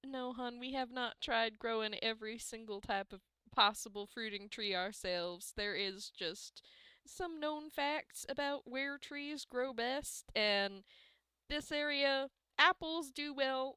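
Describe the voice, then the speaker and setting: A woman's voice: fairly high pitch, takes it slowly, clear, resonant tone, dry recording. A woman voicing a patient, no-nonsense female orchard keeper in a tabletop game. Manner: gently corrects with folksy endearments.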